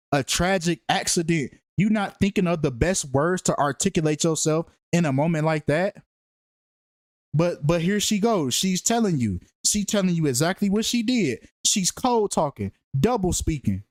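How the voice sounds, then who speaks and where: A man's voice: a little high, lively intonation, normal speed, no echo. Slangy man with a dry, close sound. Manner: slangy, emphatic, repeats phrases for effect. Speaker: true-crime numerology commentator. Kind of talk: casual profane commentary monologue.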